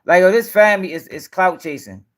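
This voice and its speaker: A fairly high-pitched man hosts a livestream commentary, ranting bluntly with plenty of cursing. He talks straight to his viewers and argues back at chat comments. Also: a little fast. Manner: addresses viewers directly. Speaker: commentary show host.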